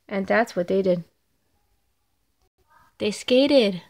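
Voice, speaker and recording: High-voiced woman reading a picture book. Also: a little mellow. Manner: slow, clear storybook reading. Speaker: storybook reader. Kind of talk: children's read-aloud.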